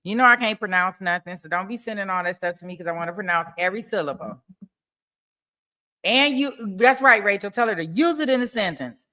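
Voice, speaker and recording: A woman's voice: mid-range voice, lively intonation, brisk, sharp tone. A woman hosting a livestream and chatting casually with her viewers in a playful, teasing way, with features. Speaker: livestream host. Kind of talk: casual chat with live viewers. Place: home desk.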